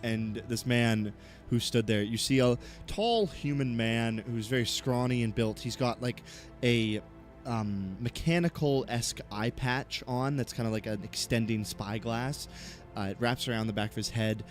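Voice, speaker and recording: A man's voice: mid-range voice, steady tone, a little slow, soft background music. A man narrating a tabletop game as game master, describing scenes casually with many fillers.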